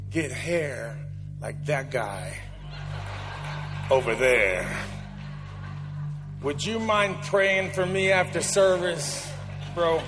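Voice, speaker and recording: High-voiced man preaching slowly. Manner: joking, emphatic preaching. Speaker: guest preacher. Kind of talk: sermon. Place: large church sanctuary. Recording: long church reverb, faint music.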